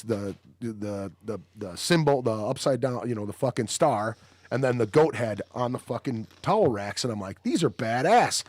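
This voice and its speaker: A man's voice: medium pitch, darkish tone, dry recording. A man hosting a podcast, telling wild stories with lots of swearing and laughter. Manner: profane, laughing storyteller. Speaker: podcast host. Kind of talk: casual storytelling chat.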